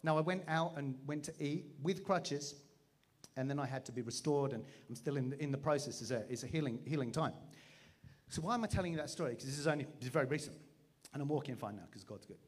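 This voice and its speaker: A man, preaching through a funny personal story with a self-mocking, animated manner and acted-out voices. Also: mid-range voice, quick pace. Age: 40s. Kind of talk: storytelling sermon.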